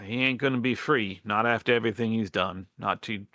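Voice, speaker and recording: Man doing a female rat rebel, earnest, halting folksy drawl, mid pitch, dry close sound. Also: animated, a bit bright, no echo. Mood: firm. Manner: halting, hesitant, folksy drawl with many restarts. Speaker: game master. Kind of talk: in-character role-play in a tabletop game.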